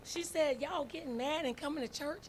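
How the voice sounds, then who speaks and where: A first lady preacher with a voice that sits high delivers a folksy, story-driven sermon at a moderate pace, calling out to her congregation with "y'all" and "right?" Heavy background noise runs under her.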